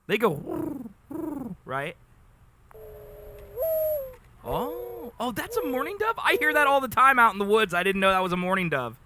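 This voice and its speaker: A young man streaming live, chatting casually and gushing excitedly with frequent laughs. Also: very high-pitched, normal speed, long pauses, a little hiss or hum. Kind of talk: casual livestream chat.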